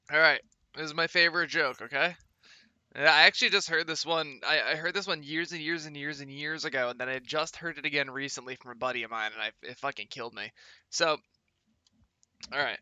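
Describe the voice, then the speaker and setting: A man's voice: on the high side, pushed and bright, dry recording, dull audio. A man streaming a game, telling a long joke in a casual, profane, rambling way. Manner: profane, rambling storyteller with restarts.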